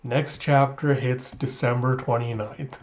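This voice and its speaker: Excited guy doing a comic chapter review, laughs a lot, kinda muffled audio. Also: mid-range voice, unhurried, echoey room. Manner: enthusiastic, laughs often, retells scenes. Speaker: manga reviewer. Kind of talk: casual reaction and review.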